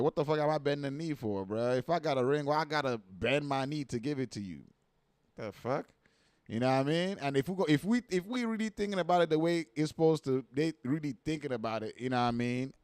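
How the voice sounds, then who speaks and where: A man's voice: medium pitch, no room sound. A man hosting a livestream, reacting to viral clips in casual, slangy, profane talk full of rhetorical questions.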